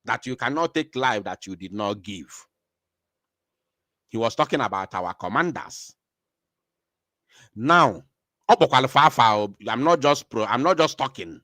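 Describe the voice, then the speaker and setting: A man's voice: medium pitch, lively intonation, moderate pace, bright, forceful tone, no room sound, studio quality. A man with an Igbo-accented Nigerian English voice giving impassioned commentary as a show host, angry and repeating phrases for emphasis.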